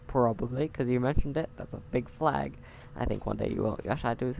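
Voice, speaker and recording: A man's voice: medium pitch, a little fast, creaky, a little mellow. A man playing a video game at home and talking through it on a close mic, chatty and sarcastic with wry asides. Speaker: game player. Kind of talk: let's play commentary. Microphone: close desk mic.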